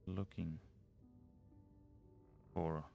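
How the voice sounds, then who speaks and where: A man's voice: low voice, little pitch movement, drawn-out words, gravelly, dark tone, soft background music. A man playing a mystery video game, reading notes and letters aloud and muttering over the puzzles. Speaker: let's play gamer.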